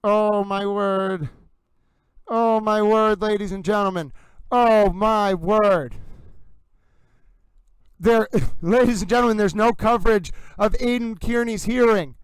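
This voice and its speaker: A man hosting a live commentary stream, excitedly reacting in real time and constantly addressing his viewers as "ladies and gentlemen.". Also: high voice, takes it slowly, long pauses, clean tone, dry recording, rough recording. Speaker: livestream host.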